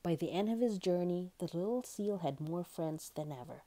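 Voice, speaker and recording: A woman reading a children's picture book aloud in a gentle, expressive way. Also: fairly low pitch, normal speed. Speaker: storyteller.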